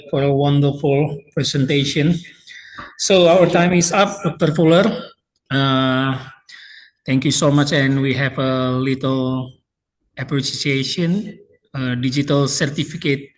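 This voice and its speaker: A man's voice: on the high side, steady tone, takes it slowly, slight background noise, rough recording. A man moderating a seminar, making polite, repeated announcements. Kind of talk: formal moderating.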